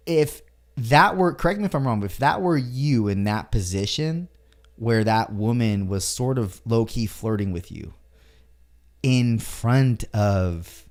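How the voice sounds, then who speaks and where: A man chatting on a podcast in a measured, reflective way, searching for the right words as he speaks. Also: mid-range voice, darkish tone. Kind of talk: casual podcast chat.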